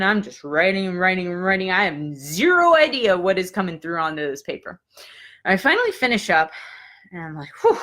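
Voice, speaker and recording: Young adult woman, bright and forceful tone, casual storyteller who jumps high and drops to whispers when quoting herself. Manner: animated storyteller, acts out her own past lines with pitch jumps and drops to a whisper. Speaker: psychic Q&A host.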